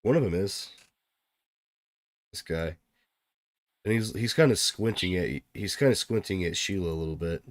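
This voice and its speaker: A man narrating as game master for a tabletop game, in relaxed, halting narration. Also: deep voice.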